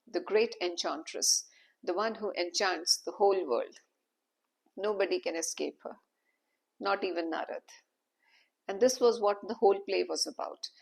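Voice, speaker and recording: A woman's voice: medium pitch, vocal fry, slightly rough. A woman narrating a devotional story with dramatic, emphatic delivery.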